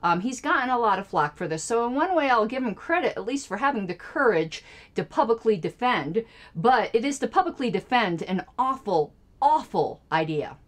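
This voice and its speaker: A woman's voice: on the high side, big pitch swings, moderate pace. A woman hosting a radio show, giving sarcastic, indignant political commentary on clips she plays. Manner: sarcastic and indignant, jokey asides.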